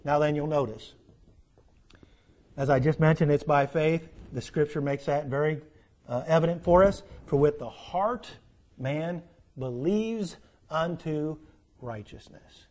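A man preaching a sermon, quoting scripture in old-fashioned wording, swinging from loud emphatic peaks to low, quiet stretches. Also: a little slow.

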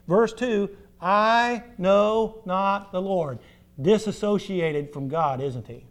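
A man preaching a sermon as pastor, stressing points with rhetorical questions and swinging from loud emphasis to drawn-out soft endings. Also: on the high side.

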